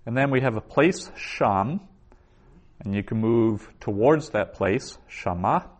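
Teaching Hebrew, this man says each vocabulary word two times and then explains it, lecturing slowly and deliberately. His pitch is medium and his intonation lively.

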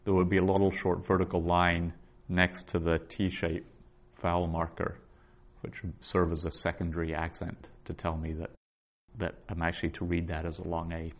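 A man's voice: low voice, monotone, moderate pace. A man teaching a Hebrew grammar lesson, explaining patiently and methodically, often restarting his sentences.

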